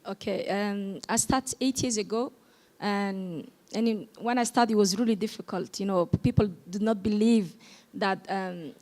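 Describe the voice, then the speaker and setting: Woman from Djibouti, a Somali speaker, talking at a panel in English, stopping often to find words. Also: mid-range voice. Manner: hesitant, searching for English words. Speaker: panelist, farmer and podcaster. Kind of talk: panel discussion.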